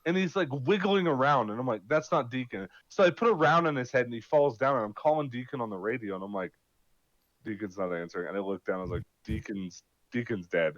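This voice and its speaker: A man's voice: mid-range voice, fast, no room sound. A man retelling a firefight in a loose, profane rush, putting on voices for his own quotes. His voice sits in the middle range and comes through a dry, muffled headset line with no room around it. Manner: animated, swearing, acting out his own lines. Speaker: gamer telling a mission story. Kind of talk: casual profane storytelling over voice chat.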